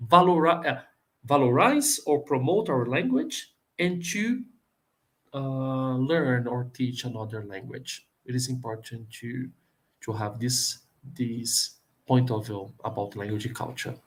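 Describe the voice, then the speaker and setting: A man from Brazil with a Brazilian Portuguese accent, a professor answering questions in a live online talk, earnest and halting, with many fillers and restarts. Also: mid-range voice, a bit bright. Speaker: plenary speaker, professor.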